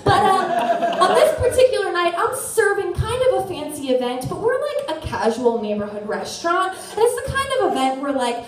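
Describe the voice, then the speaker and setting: A woman in her thirties telling a story on a theater stage, animated and self-mocking. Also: very high-pitched, distant mic, a crowd in the background. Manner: animated, self-mocking, quick shifts into voices. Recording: echoey theater, voice from afar.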